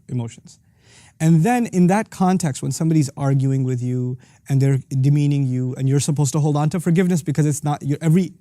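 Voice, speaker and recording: A middle-aged man teaching a lesson on Quranic verses as host of his series, talking rapidly and breaking into quick Arabic recitation. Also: on the high side, warm tone, no echo, clean studio sound.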